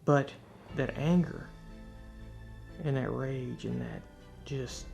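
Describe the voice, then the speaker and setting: A man speaks in a candid, reflective way, telling his personal testimony. His mid-pitched voice is deeply gravelly, full of vocal fry. Faint guitar music plays quietly behind him. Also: slow. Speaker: speaker sharing a faith testimony.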